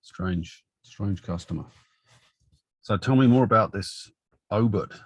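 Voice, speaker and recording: A man's voice: fairly low pitch, slow pace, slightly rough, pitched above the performer's own voice. A man voicing a curious male investigator asking questions in a tabletop game.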